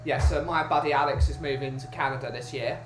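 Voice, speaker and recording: A man's voice: mid-range voice, steady tone, a little fast. A man from the UK chatting casually as a podcast host, rambling and restarting his sentences. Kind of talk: casual chat. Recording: roomy with music behind.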